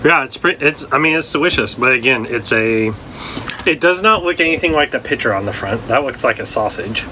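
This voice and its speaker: A man talks in a bright, clear voice, laid-back and easily excited as he tells a story. His chat is casual and loose. Faint noise sits in the background. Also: mid-range voice, brisk, poor audio. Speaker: vlogger.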